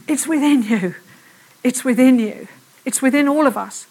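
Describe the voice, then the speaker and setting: A woman preaching a fervent sermon in church, speaking quickly and repeating her calls to prayer. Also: high voice, darkish tone, breathy edge.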